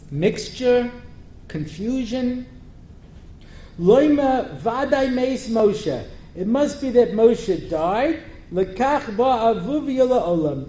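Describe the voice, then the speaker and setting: A rabbi teaches a Torah class in a high, mellow voice. He tells the story with energy, translates Hebrew verses as he goes, and breaks into jokes. The recording is roomy, with a faint hiss underneath. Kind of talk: Torah lecture with humorous asides. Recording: roomy lecture-hall recording with faint noise.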